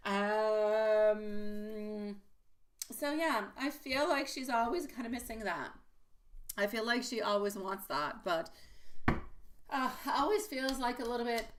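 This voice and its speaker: A woman's voice: fairly high pitch, takes it slowly, long pauses. A woman reading tarot on a live stream, chatty and affectionate, rambling with fillers and restarts and calling viewers sweetie. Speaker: tarot reader.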